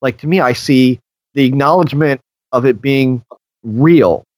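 A man's voice: mid-range voice, measured pace, dry recording, poor audio. A man talking in a rambling, reflective way, full of fillers like "um" and "you know", and sometimes acting out voices when he quotes them. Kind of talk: conversational discussion of strange experiences.

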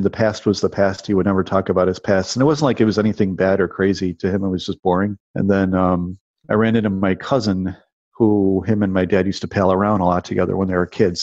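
A man's voice: sits low, a little mellow, no room sound. A man in his fifties casually telling a personal story, rambling, restarting and repeating himself a lot. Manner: rambling, restarts and repeats words, lots of "you know" and "like". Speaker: guest telling personal stories. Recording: dull dry lo-fi recording.

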